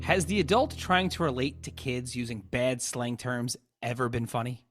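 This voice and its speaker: A man's voice: mid-range voice, lively intonation, moderate pace, a bit bright, faint music behind. A man co-hosting a podcast, trading crude jokes in casual banter. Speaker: podcast co-host. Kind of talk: casual chat.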